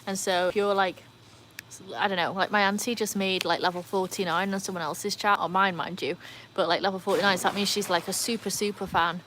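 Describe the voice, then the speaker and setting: A young British woman hosting a live stream, chatting casually with viewers and breaking into high cheering whoops. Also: fairly even intonation, fairly quick, a bit bright, slight background noise. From United Kingdom. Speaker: livestream host.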